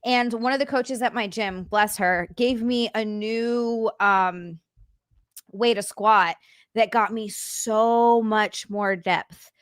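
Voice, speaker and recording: A woman's voice: mid-range voice, slow, clear, resonant tone, no echo, clean studio sound. A woman guest on a podcast, blunt and upbeat, laughing often in casual chat over a video call.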